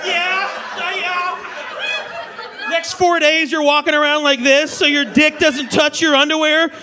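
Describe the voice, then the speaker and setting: A man performing a stand-up comedy set on a club stage, telling crude stories in a loud, animated way. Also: very high-pitched, normal speed, crowd noise. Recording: live club audience laughter.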